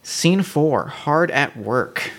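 A man's voice: on the high side, expressive, very slow, fairly bright tone. A man playing an improvised romance role-play game, narrating his character's moves with a joking tone and frequent laughs. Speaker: co-host and player.

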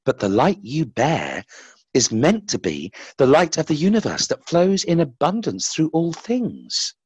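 A man's voice: a little high, huge pitch swings, husky, dry recording, pitched above the performer's own voice, full character voice. A man voicing a sad, patient God. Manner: slow, gentle and questioning.

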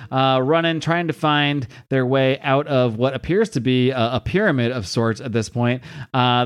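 Man, podcast host, casual comic recap, chatty, mid-pitched voice. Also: smooth. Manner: chatty, recaps the plot with asides.

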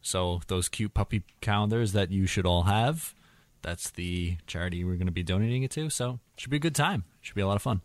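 A man co-hosting a podcast in casual chat, teasing his co-host and quick to laugh. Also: deep voice, no room sound.

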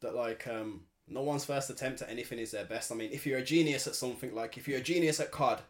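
A young man, co-hosting a podcast in casual chat, animated and slangy, acting out quotes. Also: mid-range voice, fast talker. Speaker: podcast co-host.

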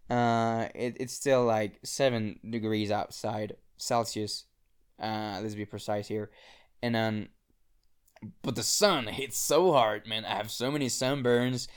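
A man's voice: on the low side, clean tone. A young man hosting his own podcast, talking alone and casually from an apartment in the mountains, rambling and swearing with lots of restarts. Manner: rambling, profane, frequent restarts. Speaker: podcast host. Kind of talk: casual solo podcast monologue. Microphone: own podcast microphone.

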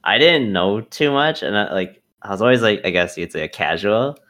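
Lively, low-voiced man laughing along. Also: moderate pace. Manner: laughing often, agreeable. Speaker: podcast co-host. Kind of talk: casual chat.

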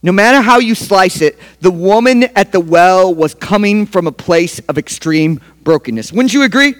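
A male pastor delivering a sermon in a high-pitched voice for a man. He is emphatic and swings between hushed passages and loud declarations. His voice rings out with a long church reverb. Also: lively intonation, moderate pace.

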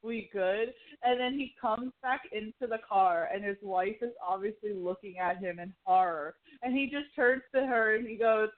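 A woman's voice: mid-range voice, moderate pace, few pauses. Woman chatting over a tinny line. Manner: rambling, filler-heavy storytelling. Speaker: podcast co-host. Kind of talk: casual chat.

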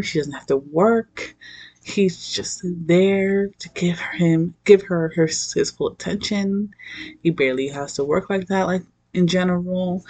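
An animated woman rants through a movie recap in a loose, casual way. Her talk is salted with swearing and she keeps slipping into the voices of the people she describes. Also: fairly low pitch. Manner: animated, profane, laughs often, acts out quotes.

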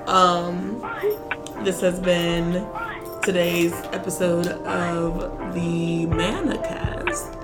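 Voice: medium pitch, little pitch movement, extremely slow. Teen co-host with music behind. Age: teens. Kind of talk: casual chat.

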